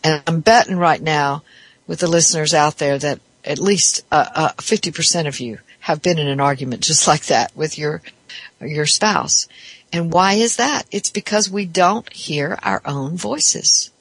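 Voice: mid-range voice, unhurried, a bit bright, breathy edge. A therapist giving a reflective podcast talk, explaining ideas step by step in a thoughtful way.

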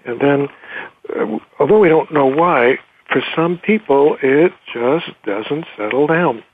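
A man's voice: fairly high pitch, animated, a little slow, slightly rough. A man hosting an interview, talking in a reflective, conversational way with frequent hedges like "you know". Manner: reflective, conversational, with hedging fillers. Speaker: interview host, clinician. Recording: tinny phone-like audio.

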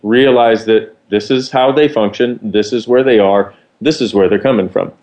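A man's voice: lowish voice, moderate pace, a little mellow. A man co-hosting, explaining ideas in a casual, rambling teaching chat. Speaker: co-host.

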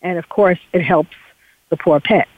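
A woman with a New York accent chats through advice on her radio show, pausing on ums and restarting lines. Her voice comes through thin and tinny, like a phone line, with no room sound. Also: fairly low pitch, no echo. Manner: chatty, hesitant with many ums and restarts. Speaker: radio show host, psychologist. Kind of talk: casual advice talk.

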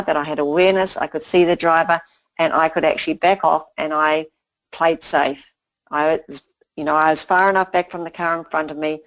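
A woman inspirational speaker giving an earnest motivational talk, repeating simple phrases, on a slightly dull lo-fi recording. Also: low-pitched.

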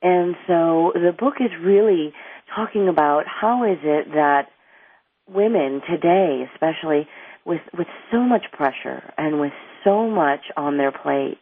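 A woman's voice: low-pitched, animated, a little slow, dry recording. A middle-aged woman, an anger management coach, explains her ideas earnestly as an interview guest, rambling a little and restarting sentences. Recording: tinny phone line, dry.

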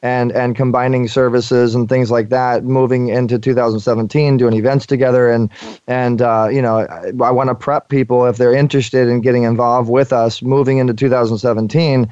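A man hosting a radio interview, chatty and halting, stumbling over restarts and fillers. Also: medium pitch, flat delivery, a little mellow, no echo, muffled recording. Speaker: radio show host.

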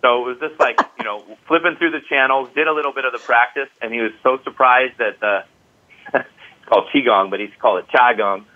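A man's voice: medium pitch, brisk. A man who teaches qigong, speaking as an interview guest, enthusiastic and peppered with "you know". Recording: tinny phone-like line.

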